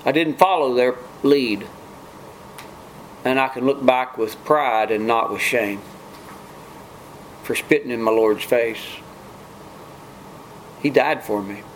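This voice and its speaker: A man's voice: mid-range voice, takes it slowly, long pauses, slight background noise, rough recording. A man preaching a sermon in an earnest way, often restarting phrases and mimicking scoffers. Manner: earnest, repetitive restarts, mock-quotes scoffers.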